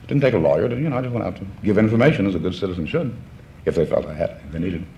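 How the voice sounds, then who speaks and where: A man's voice: sits low, lively intonation, very fast, gravelly, warm tone. A man in his fifties from New Orleans, a talk show guest chatting casually and recounting events with quoted back-and-forth dialogue. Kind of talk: casual chat. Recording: faint background hiss, 1960s television audio.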